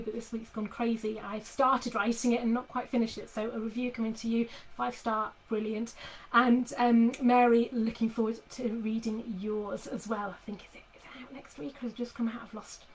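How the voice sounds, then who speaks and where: A woman's voice: on the high side, rough recording. A middle-aged woman author chatting casually with readers from her home office, full of fillers and restarts. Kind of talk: casual live chat with readers.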